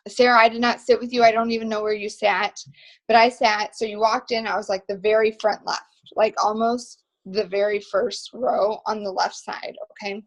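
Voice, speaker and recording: A young woman hosting a motivational team video call, telling stories in an excited, emphatic, rambling way. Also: medium pitch, normal speed, rough recording.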